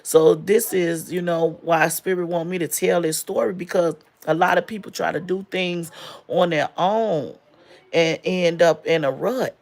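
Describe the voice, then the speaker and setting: A woman's voice: fairly low pitch, fairly even intonation, a little slow, darkish tone. A woman in her forties telling a personal story in a casual, emotional way, with many fillers, close to tears. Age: 40s.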